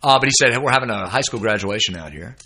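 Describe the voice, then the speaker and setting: A male host chatting with another musician and telling stories with animated, swinging pitch. His voice is bright and forward. He slips into quick voices for the people he quotes. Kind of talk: casual conversation between musicians.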